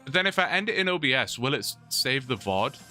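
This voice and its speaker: A man's voice: medium pitch, very animated, quick pace, pushed and bright, soft background music. A young man chatting casually on a long livestream, rambling, reading chat and laughing often, his mouth sore from talking.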